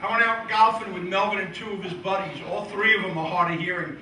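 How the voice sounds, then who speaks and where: A middle-aged man doing a stand-up comedy and magic routine with deadpan joke delivery, acting out the voices of old relatives. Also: high-pitched, fast. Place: live show venue. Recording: echoey room from a distant mic, faint noise.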